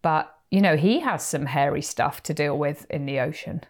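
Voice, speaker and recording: A woman's voice: sits low, normal speed. A woman co-hosting a casual chat, telling a surf story and acting out the voices of the people in it. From England. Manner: animated, acts out quoted lines. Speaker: podcast co-host.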